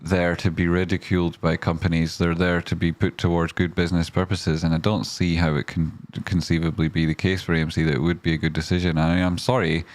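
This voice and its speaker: A man's voice: low voice, level tone, fairly quick, few pauses. A man, commenting on stocks in a rambling, casual way with lots of fillers, breaking into sweary rants. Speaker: stock market streamer.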